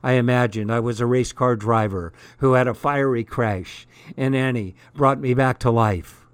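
A man narrating a first-person story aloud in an unhurried, deliberate reading. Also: mid-range voice, smooth, dry recording. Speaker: audiobook narrator.

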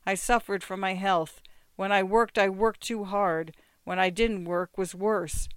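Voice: mid-range voice, fairly even intonation, measured pace, fairly bright tone, clean tone, dry recording, lightly acted. A reader voicing a poor, frail old immigrant father who pleads and cries out in a strained, raised voice. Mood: pleading. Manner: pleading, then furious cries.

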